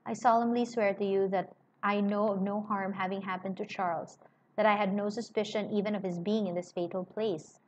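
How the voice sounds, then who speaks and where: A woman's voice: steady tone, brisk, a little mellow, close to an everyday voice. A woman voicing an anxious elderly male banker who fires off breathless questions. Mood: urgent. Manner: cries out in high, breathless questions. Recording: slightly muffled with faint hiss.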